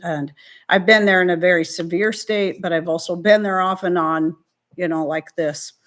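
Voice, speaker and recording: A woman's voice: on the low side, steady tone, normal speed, a bit bright. A middle-aged woman hosting a live stream, talking through viewer questions in a heartfelt, faith-filled way, rambling and restarting, fighting back tears. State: emotional, near tears.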